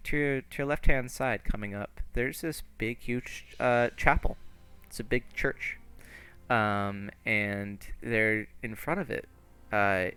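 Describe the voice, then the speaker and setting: A man's voice: lowish voice, pushed and bright, smooth. A man narrating as game master in a tabletop game, laid-back and rambling.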